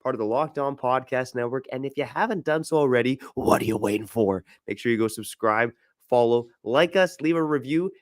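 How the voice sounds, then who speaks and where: A man's voice: mid-range voice, no room sound, clean studio sound. A man hosting a casual sports podcast, easygoing and full of fillers. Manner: easygoing, reads ad copy, filler-heavy. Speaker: podcast host.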